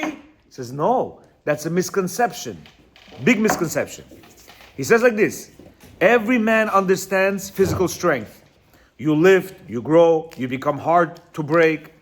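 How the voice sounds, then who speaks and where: A man whose voice sits high and lively delivers an informal religious teaching on marriage and self-control at a measured pace, with a little hiss or hum in the background. He reads quotes, then expands on them with asides, constant "right?" and "you hear?", and sometimes stumbles on Hebrew words.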